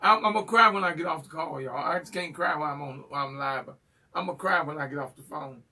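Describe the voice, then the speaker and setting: A male host of a live call-in class with a folksy, teasing, animated manner. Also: a little high, quick pace, recorded from a distance.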